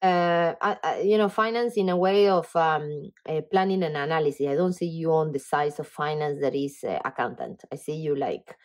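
A woman's voice: deep voice, normal speed, hardly any pauses. Enthusiastic tarot reader woman. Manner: animated, enthusiastic, talks straight to the viewer; frequent fillers and "okay?" check-ins. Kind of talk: casual tarot reading to camera.

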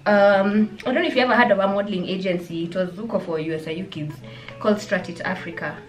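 A woman's voice: mid-range voice, fast. Kenyan woman, late twenties, easygoing gossip, faint music behind. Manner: relaxed gossip, mixes in local slang. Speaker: co-host. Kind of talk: casual chat. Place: bedroom.

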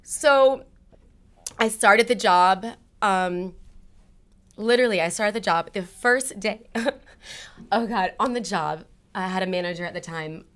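A woman's voice: medium pitch, measured pace, pauses often. A woman guest in a casual interview, animatedly telling a personal story and acting out her own past conversations.

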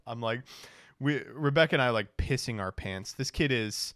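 A man's voice: medium pitch, animated, moderate pace, a bit bright, dry recording, clean studio sound. A man in his twenties, a law student, telling a rambling, joking, profane travel story. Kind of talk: casual storytelling recap.

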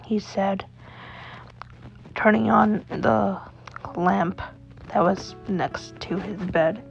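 Woman storyteller, slow and gravelly, fairly high; dull lo-fi recording with faint music. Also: fairly even intonation. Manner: slow unhurried telling. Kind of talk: bedtime story narration.

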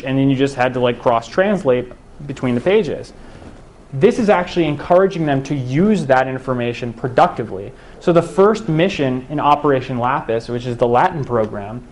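A man's voice: mid-range voice, a little mellow. Young man giving a conversational talk. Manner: conversational, asks the audience questions. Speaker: education researcher giving a talk. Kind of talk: public talk to a live audience.

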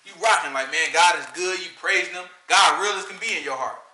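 A man teaching scripture in an informal, conversational sermon, slangy and animated, often checking in with "right?". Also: sits high, a little fast, reverberant, a little hiss or hum. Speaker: teacher leading a scripture study.

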